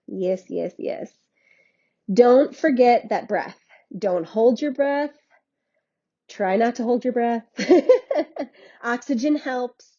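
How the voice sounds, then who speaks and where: A woman's voice: on the high side, dark tone, lo-fi sound. A woman fitness instructor guiding a workout in a chatty, encouraging way, laughing often.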